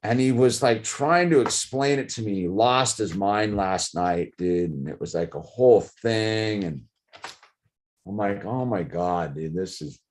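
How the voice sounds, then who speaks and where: Here a middle-aged man vlogs in a loose, rambling way, saying "dude" and "like" constantly. His voice runs lowish, and he speaks a little slowly.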